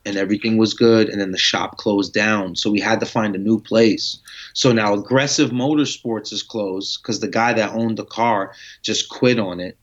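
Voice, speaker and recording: A man's voice: fairly low pitch, moderate pace. A man telling a long story in a casual interview, acting out conversations with slang and swearing. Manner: animated, acts out dialogue with slang and swearing. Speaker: guest telling his story. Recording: muffled lo-fi audio.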